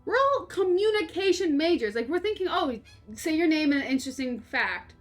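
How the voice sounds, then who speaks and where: Young woman, high voice, rambling streamer chat, animated, light music behind. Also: brisk. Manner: rambling, animated, laughing, swears casually. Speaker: game streamer. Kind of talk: casual storytelling while playing.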